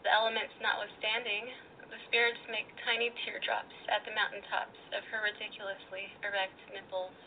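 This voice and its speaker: A woman calling in to a radio show, reading her own story aloud in an expressive, teasing way. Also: mid-range voice, moderate pace. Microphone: phone. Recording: tinny phone line, faint noise.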